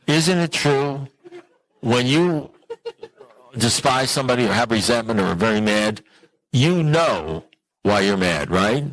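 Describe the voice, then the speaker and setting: A man with a fairly low voice tells a funny, self-mocking recovery story. He is conversational and animated, jumps suddenly into higher pitch, and keeps asking the audience questions. The sound is dry and close, with almost no room echo. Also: moderate pace. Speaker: recovery meeting speaker. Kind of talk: humorous personal storytelling to an audience.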